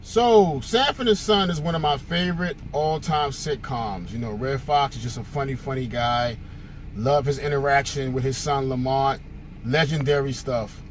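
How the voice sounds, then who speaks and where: A man's voice: medium pitch, moderate pace, faint music behind. A male host giving a casual, conversational monologue, telling stories with frequent fillers.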